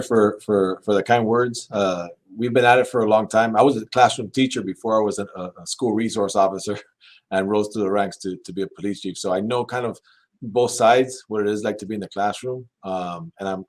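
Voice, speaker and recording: A middle-aged man, a school police chief, speaking earnestly and urging parents in a panel discussion. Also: on the low side.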